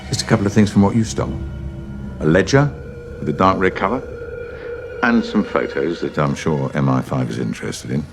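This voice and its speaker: A cold gravelly gangster. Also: male voice, a bass voice. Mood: threatening. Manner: slow, threatening, coldly polite. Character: menacing male London gangster, cold and controlled. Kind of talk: film drama. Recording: film soundtrack with music behind.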